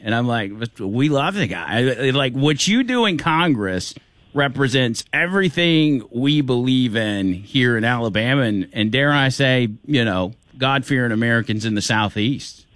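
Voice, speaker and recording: A man's voice: medium pitch, unhurried, a bit bright, no room sound. An upbeat male talk radio host, folksy and eager as he welcomes his guest. His voice sits in a middle register. The studio sound is dry and close.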